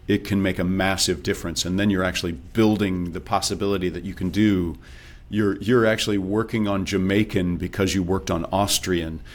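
Deep-voiced man coaching on accents. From based in Texas. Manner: relaxed, explanatory, acts out quoted self-talk. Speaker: accent and dialect coach, guest. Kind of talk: casual interview talk.

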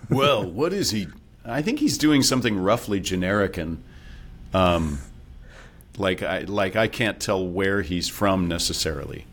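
With a deep voice and measured pace, a man who coaches accents and dialects talks as a podcast guest. He lays things out patiently in a teacherly, explanatory way and brings in animated demonstrations.

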